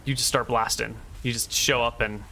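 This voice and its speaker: A man narrating scenes and rules as game master, relaxed and descriptive with frequent fillers. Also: mid-range voice, moderate pace, creaky, a little hiss or hum.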